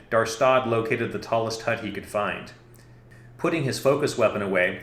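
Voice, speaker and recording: A man narrating a fantasy story in a steady, measured reading. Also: on the low side. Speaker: audiobook narrator. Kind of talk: scripted narration. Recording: echoey room.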